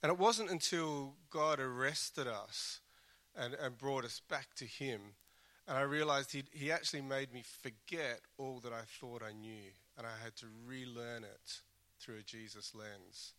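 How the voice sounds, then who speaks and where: Delivering a sermon a little slowly, this pastor has a medium-pitched voice that is bright and forceful. He speaks earnestly, like a conversation, rephrasing mid-thought and occasionally poking dry fun at himself.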